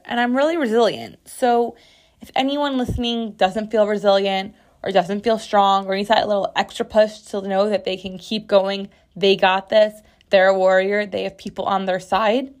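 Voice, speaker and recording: A woman hosting a podcast from her bathroom floor, chatting in a candid, expressive way and swearing freely. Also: medium pitch, moderate pace. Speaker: podcast host. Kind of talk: casual solo podcast chat.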